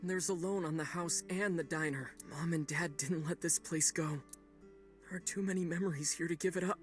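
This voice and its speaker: A man's voice: fairly high pitch, steady tone, moderate pace, faint music behind, close to an everyday voice. An actor playing a guilt-ridden young man who dropped out of college, speaking earnestly and blaming himself, in a video game. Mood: regretful. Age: young adult. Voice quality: earnest, self-reproaching. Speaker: game character.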